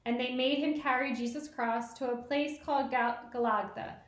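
Higher-voiced woman reading aloud. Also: steady tone, normal speed. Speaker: narrator. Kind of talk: church pageant reading. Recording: echoey church.

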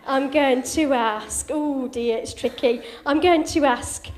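A woman's voice: high-pitched, slow pace, darkish tone. A woman giving an informal church talk, cheery and encouraging, quizzing children and telling a story. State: a bit out of breath. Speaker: church speaker leading a children's quiz and talk.

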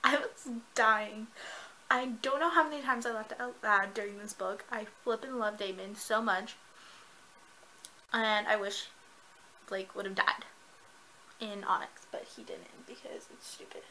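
A woman reviewing a book in a casual vlog, gushing and excitable, with lots of fillers. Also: medium pitch, measured pace, long pauses, a little hiss or hum, poor audio.

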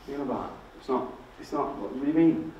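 A man with a Yorkshire accent voicing his gruff, dismissive grandfather, in an echoey hall. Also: mid-range voice, fast talker, a little mellow, distant mic, muffled recording, slight background noise, voice pushed up, close to an everyday voice. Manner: gruff, scoffing.

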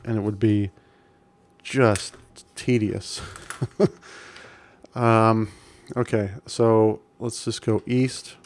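A man's voice: fairly low pitch, darkish tone, no room sound. A man casually commenting while playing an old adventure game, reading game text aloud with amused chuckles.

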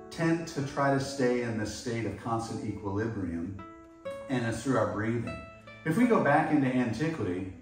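A middle-aged man teaches martial arts and explains meditation and biology in a lecture. He talks steadily and often checks in with his listeners through rhetorical questions. His voice comes from some way off the mic in a very echoey room, with quiet guitar music behind him. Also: medium pitch, recorded from a distance.

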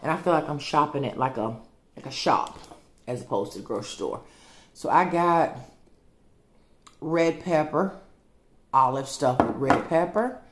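Slow, low-voiced woman vlogging. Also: expressive. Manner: rambling, chatty, talks to viewers as "y'all". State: out of breath. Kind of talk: casual chat to camera. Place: home, at a table.

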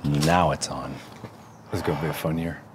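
A man's voice: extremely low pitch, steady tone, moderate pace, background noise. A man in his thirties hosting a casual video, teasing his co-host in a playful, mock-innocent way. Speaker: channel host. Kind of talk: casual joking chat.

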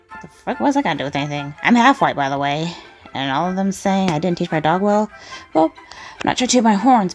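A woman's voice: fairly low pitch, a little mellow. A woman reacting to comments in casual commentary, blunt, indignant and profane. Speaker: video creator reacting to comments.

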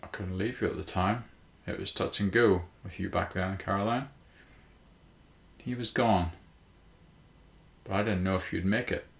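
A man voicing a worried middle-aged mother who speaks gently and consolingly, in a storybook reading. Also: sits low, fairly even intonation, moderate pace, vocal fry, long pauses. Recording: roomy echo.

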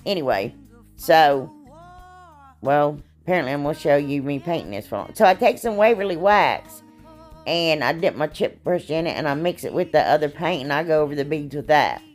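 A woman's voice: low voice, animated, moderate pace, soft background music. A woman hosting a casual crafting tutorial, chatty and folksy, her voice a little froggy from allergies. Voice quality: chatty, folksy, many "anyway"s and "y'all"s. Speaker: craft channel host.

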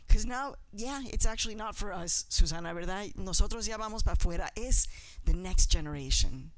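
A woman's voice: on the low side, expressive, unhurried, dry recording, poor audio. A middle-aged woman from Mexico, giving a passionate, emphatic speech with repeated phrases. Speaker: journalist and speaker. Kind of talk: emotional symposium speech.

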